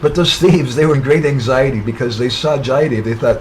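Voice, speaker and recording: On a poor-quality webinar call with slight hiss or hum, a man of medium pitch talks fairly quickly. This spiritual speaker narrates a parable sermon-style, frequently ending lines with tag questions like "huh?" or "right?".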